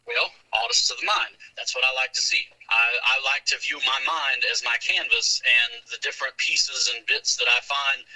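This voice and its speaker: A man's voice: mid-range voice, normal speed, hardly any pauses, pushed and bright, poor audio. A young man with a thick Southern accent, a podcast guest musing thoughtfully about philosophy, with many restarts. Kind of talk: casual philosophical chat.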